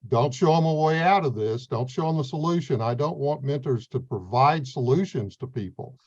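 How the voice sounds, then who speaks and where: A man's voice: mid-range voice, expressive, normal speed, darkish tone. Earnest plain-spoken man, slightly dull sound. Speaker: veterans court mentor coordinator. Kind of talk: explanatory interview answers.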